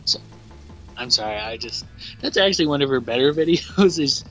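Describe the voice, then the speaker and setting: A young man in his twenties chats casually while streaming a game, blunt and teasing, with plenty of swearing. His voice is bright with a sharp edge, and faint music plays underneath. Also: medium pitch, lively intonation, a little fast, dull audio. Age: 20s. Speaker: co-host of a game let's play stream. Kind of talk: casual gaming banter.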